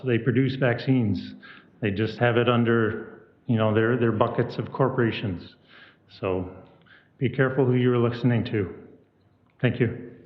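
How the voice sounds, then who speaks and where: Man from Michigan at the public mic, earnest warning delivery, roomy dull sound. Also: mid-range voice. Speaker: public commenter. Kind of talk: public comment speech. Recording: echoey muffled meeting room.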